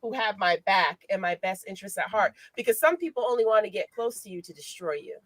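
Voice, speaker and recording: A woman hosting a podcast as a life coach, telling personal stories in an expressive, motivational way. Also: mid-range voice, fast, no echo. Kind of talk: casual podcast chat.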